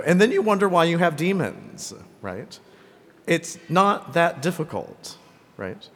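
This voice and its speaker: A man's voice: on the high side, sing-song, unhurried, fairly bright tone. Male priest, conversational homily, frequent "right?" tags, long church reverb. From Greenville, South Carolina. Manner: conversational, often tags lines with "right?" and "okay?". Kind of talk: sermon.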